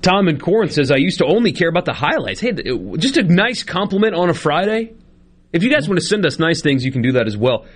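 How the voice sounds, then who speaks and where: A man hosts a sports talk radio show in a relaxed, conversational way. He tells stories, laughs easily, and reads listener texts aloud. He talks into a studio microphone. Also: fairly high pitch, fast.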